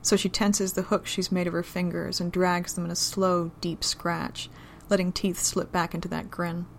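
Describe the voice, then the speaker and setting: A woman reading an adult romance story aloud in a low, intimate, steady manner. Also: moderate pace, gravelly, slight background noise. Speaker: narrator.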